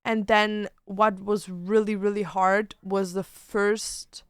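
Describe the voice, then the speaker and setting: A young woman who grew up speaking German, streaming, talking in a halting casual way full of fillers and restarts. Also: mid-range voice, flat delivery, clear, resonant tone, no room sound, studio quality. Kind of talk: casual livestream chat.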